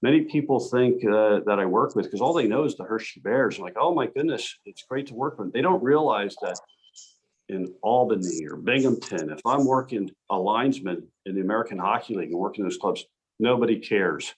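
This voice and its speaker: A man, a hockey referee as guest speaker, telling animated anecdotes with frequent restarts over a video call. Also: on the low side, fairly quick, breathy edge. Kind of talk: storytelling presentation.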